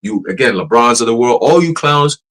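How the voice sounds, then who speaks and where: Man, casual street preacher, profane and animated, laughs often, medium pitch. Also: a little fast, low-quality recording. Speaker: church teacher.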